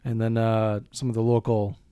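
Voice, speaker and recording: A man's voice: lowish voice, little pitch movement, moderate pace, mellow, clear, resonant tone, dry recording, clean studio sound. A man from Minnesota co-hosting a movie podcast, chatting casually and explaining local details in an easygoing way. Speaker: podcast co-host.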